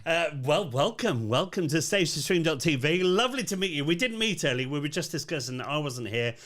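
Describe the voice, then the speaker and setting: An English man hosting a live online chat show, talking in a playful, jokey way. His pitch is mid-range but very animated, rising and falling as he tells stories. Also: fairly quick. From England. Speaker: host. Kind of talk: casual live-stream chat.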